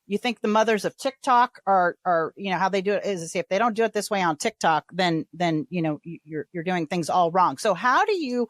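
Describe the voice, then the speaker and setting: A woman hosting a podcast in casual interview chat, talking in a chatty, animated way and acting out the voices she quotes. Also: on the low side, a little fast, hardly any pauses, no echo. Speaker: podcast host.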